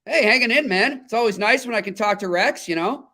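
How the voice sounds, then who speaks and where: A man's voice: high-pitched, animated, a little fast, sharp tone. A man hosting a hockey talk show, chatty and telling stories with easy laughs. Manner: chatty storyteller, laughs easily. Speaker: podcast host. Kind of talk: casual sports talk.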